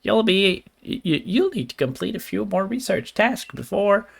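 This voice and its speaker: A man's voice: sits high, very animated, moderate pace, gravelly, slightly rough, pitched above the performer's own voice, exaggerated voice. A man voicing a pompous male professor in a theatrical put-on accent, reading game text in a stilted, formal way. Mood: explaining. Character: pompous male professor, with a mad-scientist cartoon-villain tinge. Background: faint game music.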